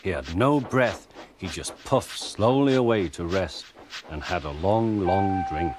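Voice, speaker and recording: A man narrating a children's story in a gentle, expressive way. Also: sits low, unhurried, noisy background.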